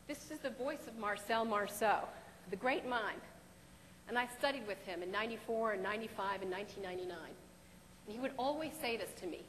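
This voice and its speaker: A woman in her forties giving a humorous keynote speech on stage, animated and theatrical, with quick bursts and dramatic pauses. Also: medium pitch, slight background noise. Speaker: keynote speaker and performer. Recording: long reverb of a large hall.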